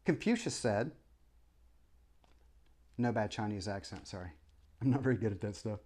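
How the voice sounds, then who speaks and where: A man's voice: lowish voice, lively intonation, moderate pace, darkish tone. A man, a former preacher, in a rambling opinion monologue to camera. He stumbles through many restarts and apologies and fires off impassioned rhetorical questions. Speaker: vlogger.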